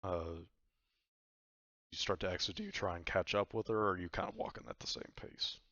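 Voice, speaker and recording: Deep gravelly guy running a tabletop game, rambly, dry muffled mic. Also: fairly even intonation, brisk, a bit bright. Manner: rambling, filler-heavy narration. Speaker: game master.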